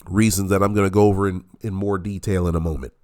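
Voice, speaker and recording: Low-voiced guy all stuffed up and nasal, cussing and ranting hard about a video he's reacting to. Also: fairly even intonation, fast, warm tone. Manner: profane, combative ranting. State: nasal and congested, recovering from illness. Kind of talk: heated reaction commentary.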